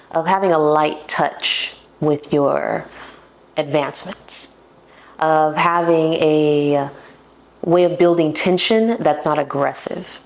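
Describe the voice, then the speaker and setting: A woman's voice: deep voice, darkish tone. A young woman hosting a casual solo podcast, talking playfully and poking fun at herself. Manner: playful and self-mocking, laughs at herself. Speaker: podcast host.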